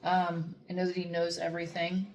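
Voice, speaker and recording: Speaking at normal speed in a lowish, completely flat voice, a woman who trains dogs reflects on faith and self-talk to the camera. She's earnest but rambling, with frequent fillers and false starts.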